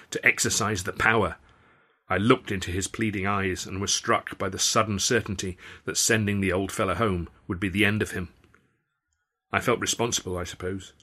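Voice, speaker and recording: A man's voice: on the low side, fairly bright tone. A man reading his own first-person story aloud in a wry, dry storytelling manner. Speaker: author and reader.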